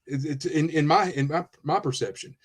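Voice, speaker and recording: A man's voice: a little high, fairly quick, slightly rough. Man telling a police story. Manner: animated storyteller, acts out quotes, frequent restarts. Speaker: retired police officer, podcast guest. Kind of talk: casual storytelling in a podcast interview.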